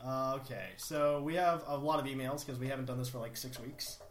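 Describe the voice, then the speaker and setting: A young man with a steady, mid-range voice speaks fairly quickly while hosting a casual podcast. He reads listener emails aloud and adds wry asides, recorded in an echoey room with a faint hiss.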